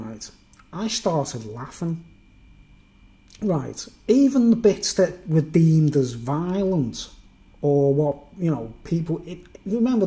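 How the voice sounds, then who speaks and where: A man's voice: fairly high pitch, mellow. Chatty man telling a story. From Birkenhead, England. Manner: rambling, chatty, peppered with "right?" and "man". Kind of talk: casual storytelling monologue.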